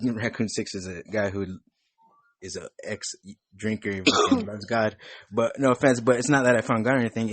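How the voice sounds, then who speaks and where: Rambling, cursing host with low husky voice. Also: male voice, no room sound. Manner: rambling, profane, loose. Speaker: podcast host. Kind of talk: casual chat.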